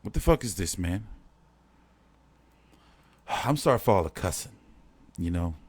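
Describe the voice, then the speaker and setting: A man's voice: deep voice, lively intonation, unhurried, husky, no room sound. A man hosting a boxing show, talking in a rambling, profane, slangy way while he complains during a casual live stream. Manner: slangy street talk.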